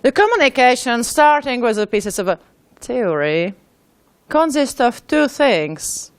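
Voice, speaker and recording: A woman giving a conference talk, informal and a little halting. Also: on the high side, sing-song, smooth, dry recording. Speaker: conference speaker. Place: conference hall.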